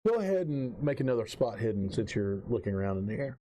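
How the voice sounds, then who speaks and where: Casting note: male game master, medium pitch, measured and unhurried, hesitant "um"s between descriptions. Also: big pitch swings, warm tone, low-quality recording. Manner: slow, measured descriptions with frequent ums. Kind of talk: narrating a tabletop horror game.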